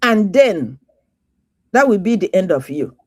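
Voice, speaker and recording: A woman's voice: medium pitch, big pitch swings, unhurried, slightly rough. A woman with a Nigerian Igbo accent speaking as a guest on a talk show, angry, emphatic and lecturing. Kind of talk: casual talk show chat.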